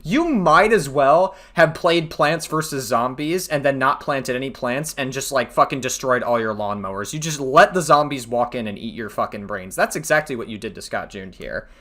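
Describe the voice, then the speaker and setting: A man with a bright, forceful voice and a middle pitch rambles through online drama commentary. He swears freely, trails off into fillers, and laughs at his own jokes. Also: moderate pace, few pauses. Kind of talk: casual commentary.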